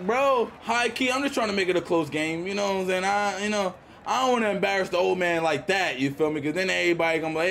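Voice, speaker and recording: A man's voice: high voice, fast, vocal fry, few pauses, fairly bright tone, a little hiss or hum. Hyped young man trash-talking over gameplay. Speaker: gaming YouTuber. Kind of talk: casual gameplay commentary.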